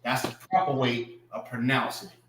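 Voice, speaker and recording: A man teaching a class in a casual way. He repeats and spells out words slowly and uses slang. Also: mid-range voice, steady tone, reverberant, noisy background. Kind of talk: classroom language lesson.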